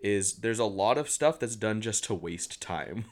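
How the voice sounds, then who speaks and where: A man co-hosts a podcast about a film. His pitch moves a lot as he talks, and he chuckles through casual chat. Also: expressive. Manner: chuckling, adds quick comments. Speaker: podcast co-host. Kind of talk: casual movie-discussion chat.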